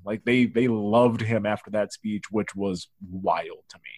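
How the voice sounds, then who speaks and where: A man's voice: on the low side, fairly even intonation, a little slow, few pauses, a little mellow, dry recording, studio quality. A man co-hosting a casual movie review podcast, joking and acting out lines from the film in mock voices. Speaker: podcast co-host.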